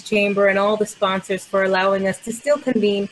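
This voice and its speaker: Woman speaker, medium pitch, friendly and loud, over a video call. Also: flat delivery, brisk, poor audio. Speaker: assembly member. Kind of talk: speech to a virtual event.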